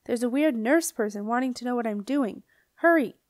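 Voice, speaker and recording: A bossy, impatient young girl hurries her friend along in a brisk, slightly raised voice, as a woman narrator puts her on. The storybook reading is dry and close. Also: fairly high pitch, darkish tone, no room sound, close to an everyday voice.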